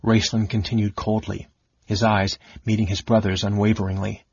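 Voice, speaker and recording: A man reading an audiobook in a measured, dramatic narration. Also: fairly low pitch, little pitch movement, gravelly, a little mellow, slightly rough, no echo, dull audio.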